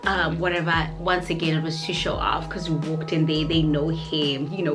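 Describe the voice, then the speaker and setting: Chatty South African woman, low voice. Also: moderate pace. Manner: animated, chatty storytelling. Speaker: YouTuber. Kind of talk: casual storytime. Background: faint background music.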